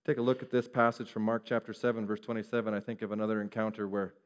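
A man's voice: lowish voice, flat delivery, fast talker. Man preaching with rhetorical questions. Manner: asks the listeners rhetorical questions; swings between hushed and raised delivery. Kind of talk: sermon.

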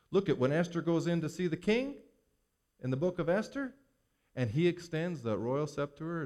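A man's voice: fairly high pitch, animated, fairly quick, darkish tone. A man preaching a sermon to his congregation, using rhetorical questions and acting out the words of Bible figures in short quoted lines. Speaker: pastor.

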